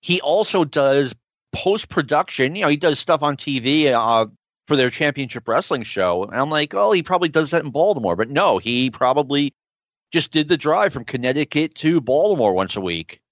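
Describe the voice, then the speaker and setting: A man in casual podcast chat, thinking out loud in an animated way. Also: on the high side, normal speed, dry recording, highs cut off.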